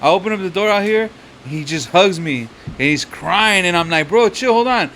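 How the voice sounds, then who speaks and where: A man chats loosely on a podcast, slipping into the voices of the people in his story and cursing freely. His voice sits a little high, with faint noise under the recording. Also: normal speed, bright, forceful tone. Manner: swearing, storytelling with quoted voices. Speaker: podcast co-host. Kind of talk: casual chat.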